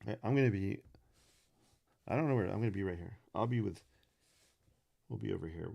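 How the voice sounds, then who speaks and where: A man's voice: deep voice, fairly quick, creaky, dull audio. A man hosting a live drawing stream, chatting casually and playfully with viewers and making puns as he sketches.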